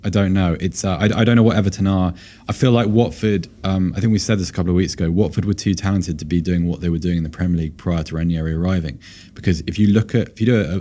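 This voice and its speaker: A man with a low, dark voice talks football on a casual podcast. He thinks out loud, hedging with plenty of fillers, and his voice sounds a little worn from talking a long time. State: voice slightly tired. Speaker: podcast co-host, football analyst.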